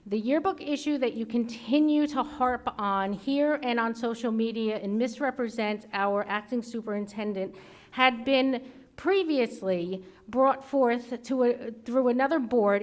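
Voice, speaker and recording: A woman chairing a school board meeting, speaking firmly and reprovingly. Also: on the high side. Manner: firm and reproving. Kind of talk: public meeting address. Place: public board meeting room.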